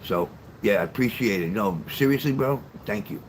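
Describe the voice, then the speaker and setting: A man's voice: lowish voice, lively intonation, moderate pace, slight background noise, poor audio. An older man telling stories and chatting casually with viewers on a livestream, blunt and profane. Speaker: livestream host.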